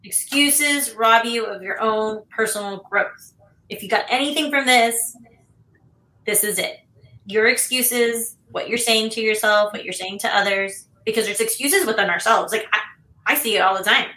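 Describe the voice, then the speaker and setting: A woman's voice: on the high side, moderate pace, bright, forceful tone, roomy sound, rough recording. A woman co-hosting a relationship podcast, talking casually in an emphatic, coaching way. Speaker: podcast co-host.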